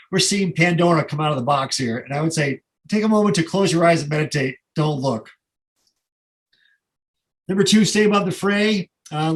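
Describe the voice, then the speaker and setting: A middle-aged man presents to an audience in an easygoing, talky way. His voice sits a bit above the usual male pitch. He wanders into asides and fills pauses with ums and uhs. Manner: conversational, rambling asides with many fillers. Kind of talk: casual presentation with slides.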